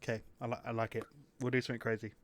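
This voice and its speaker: A man's voice: mid-range voice, little pitch movement, very fast. A British man co-hosting a casual tech podcast, teasing and cheeky, laughing often. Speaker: podcast co-host.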